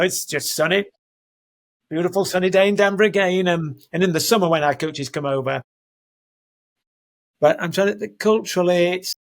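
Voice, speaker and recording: A man in his fifties from Northern England with a Northern English accent, a guest in an interview, talking in a rambling, self-correcting way from his home. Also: a little high. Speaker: guest, soccer program leader. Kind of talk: conversational interview. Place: home, house in Denver.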